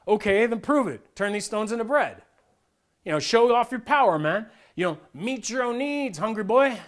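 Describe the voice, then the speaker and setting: A man's voice: extremely high pitch, wildly swooping pitch, fast, voice pushed up, heavily acted. A man voicing the devil as a sneering male tempter who scoffs and taunts. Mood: taunting.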